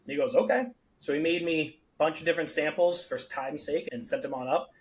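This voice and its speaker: A man's voice: a little high, fast talker, poor audio. A man, a beverage company founder, telling stories on a podcast and acting out the people in them. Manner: animated storyteller, acts out quoted dialogue. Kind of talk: casual podcast storytelling.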